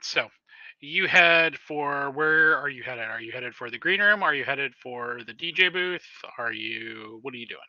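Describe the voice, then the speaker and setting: A man narrating as storyteller in a tabletop role-playing game, halting with frequent pauses and restarts. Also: medium pitch, expressive, dry recording, lo-fi sound. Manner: halting, many fillers and restarts.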